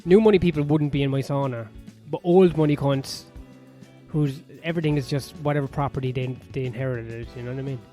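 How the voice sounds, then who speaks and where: A man from Ireland, speaking with an Irish accent, hosts his own podcast and rambles through a crude, sardonic, swear-heavy comic monologue. He sounds medium-pitched and brisk, recording in a sauna-area home in west London over soft piano music.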